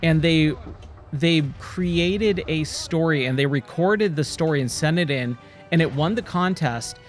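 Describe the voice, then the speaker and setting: A man in his forties talks through a game stream in a slightly raised voice. He rambles casually, gets excited easily and keeps calling the listener "dude." Faint game music sits behind him. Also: fairly high pitch, unhurried. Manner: rambling, nostalgic, excitable, says "dude" a lot. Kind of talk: casual gameplay commentary. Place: home, playing a VR game.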